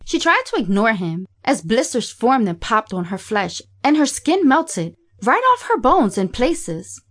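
Woman narrator, slightly high voice, steady matter-of-fact reading, horror story. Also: a little slow.

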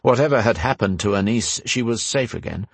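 A man narrating a fantasy novel in a measured storytelling manner. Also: lowish voice, lively intonation, creaky, husky, no room sound. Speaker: audiobook narrator. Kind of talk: scripted narration.

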